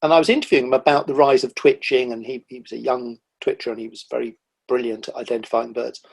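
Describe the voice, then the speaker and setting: A middle-aged man, a guest on a podcast, telling animated stories about the wildlife he sees, with lively quoted asides. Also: mid-range voice, quick pace, gravelly, slightly rough. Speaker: guest, nature writer. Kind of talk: casual conversational interview.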